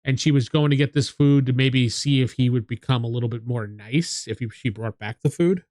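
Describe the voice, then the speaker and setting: A man's voice: medium pitch, a little fast, a little mellow, no room sound, clean studio sound. A man playing a tabletop game with a friend, thinking aloud as he works out rulings. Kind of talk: casual tabletop game play.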